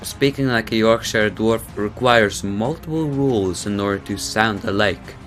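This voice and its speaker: A man narrating a scripted explainer for a school project, deliberate and wry, with playful pauses. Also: lowish voice, fairly bright tone, soft background music. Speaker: student presenter.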